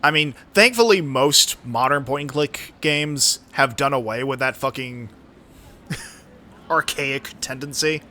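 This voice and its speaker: A man's voice: mid-range voice, takes it slowly, pushed and bright. A man streaming a point-and-click game, joking wryly and swearing freely. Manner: wry, profane, laughs often. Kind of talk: casual gaming commentary.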